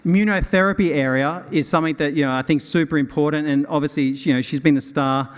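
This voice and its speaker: A man in middle age introduces companies from a conference stage, keen and a little rambling, often restarting his sentences. His voice sits a bit high and sounds smooth and clear. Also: level tone, fast talker. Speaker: event host. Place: hotel conference hall.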